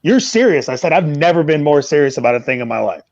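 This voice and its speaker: A man telling a story in casual chat, briskly acting out the quoted dialogue. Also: fairly high pitch, creaky, darkish tone, muffled recording.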